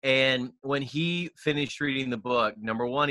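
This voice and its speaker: A man's voice: mid-range voice, steady tone, a little slow, hardly any pauses, sharp tone, dry recording. A man, a guest author on a podcast, talking with energy and emphasis as he tells a personal story. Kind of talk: enthusiastic interview talk.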